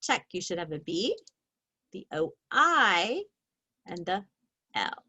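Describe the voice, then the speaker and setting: A woman leads a phonics lesson at a very unhurried pace and draws each sound out slowly and clearly. Her pitch sits in the middle, and her delivery stays patient and steady. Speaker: reading teacher.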